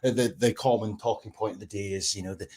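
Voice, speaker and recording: A man in a casual chat who talks in a rapid, animated way and swears freely. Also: lowish voice.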